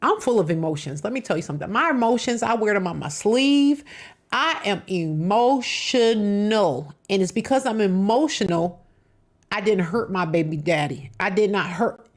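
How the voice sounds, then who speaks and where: A woman's voice: medium pitch, animated, normal speed. Middle-aged woman reacting live, emphatic, answers every clip, medium voice, chatty and personal. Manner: emphatic, talks back to clips. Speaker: reaction show host.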